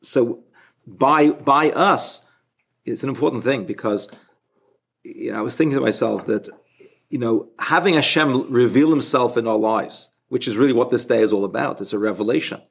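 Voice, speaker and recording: Man, rabbi-style teacher, gravelly voice, husky, halting delivery, repeats himself. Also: medium pitch. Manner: halting, often restarts and repeats words. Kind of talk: informal spoken Torah lesson.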